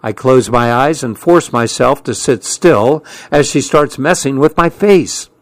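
Slow, measured male audiobook narrator. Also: mid-range voice, no echo. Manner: calm, measured, unhurried. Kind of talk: scripted first-person story narration.

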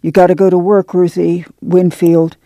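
A woman playing a firm, gravelly farm mother. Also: on the low side, level tone, normal speed, dark tone, no room sound, natural voice. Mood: commanding. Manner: firm, commanding. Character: steady older farm mother, protective and firm.

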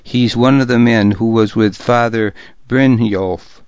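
A man's voice: mid-range voice, fairly even intonation, unhurried, darkish tone, clean tone, no room sound, dull audio, natural voice. A man voicing a blunt, hard-bitten male shipmate in an audiobook. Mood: grim.

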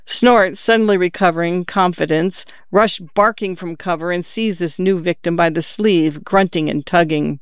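An audiobook narrator reading a literary novel in a measured, even storytelling manner. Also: medium pitch, clean tone, dry recording, studio quality.

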